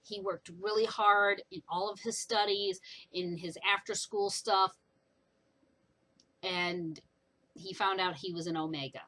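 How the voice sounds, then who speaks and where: A young woman casually retelling a book's plot in a chatty, animated way for her vlog. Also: medium pitch, a little slow, pauses often, rough recording. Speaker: book reviewer. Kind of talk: casual book review vlog.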